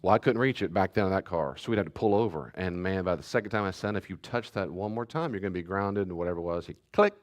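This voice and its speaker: A man pastor giving a teaching talk and answering questions, telling family stories in an animated way. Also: deep voice, fast, hardly any pauses. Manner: animated storyteller, acts out family scenes.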